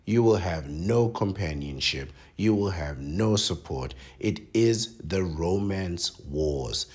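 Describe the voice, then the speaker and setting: A man's voice: deep voice, expressive, takes it slowly, breathy edge. A man reading out an article and reacting to it with sardonic commentary, lecturing his listeners and often adding "right?".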